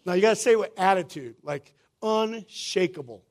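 A man's voice: sits high, expressive, fast talker. A male pastor, preaching a sermon in a conversational way, often asking "right?" and calling the room "y'all".

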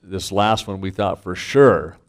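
A middle-aged man, a pastor, telling a candid family story to a congregation, self-mocking and swinging from quiet asides to loud punchlines. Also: low voice, measured pace. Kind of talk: storytelling sermon.

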